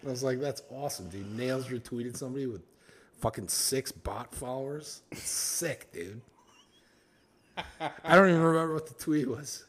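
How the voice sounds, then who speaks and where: A man's voice: medium pitch, moderate pace, fairly bright tone. A young man co-hosting a casual podcast chat, swearing a lot, rambling and laughing as he acts out other people's lines. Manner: profane, rambling, laughs often, acts out quotes. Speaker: podcast co-host.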